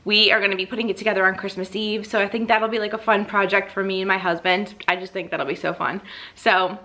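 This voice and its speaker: Young woman vlogger, bright and bubbly, slightly breathless, casual to-camera chat. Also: medium pitch, steady tone, fast talker. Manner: bubbly, gushing, frequent "like". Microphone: camera mic, seated.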